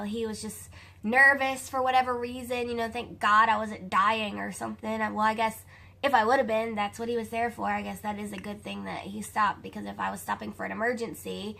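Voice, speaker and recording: Bright, gravelly Southern-toned young woman. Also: on the high side, moderate pace. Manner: animated, chatty, addresses viewers as you guys. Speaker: vlogger telling a personal story. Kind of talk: casual storytelling to camera.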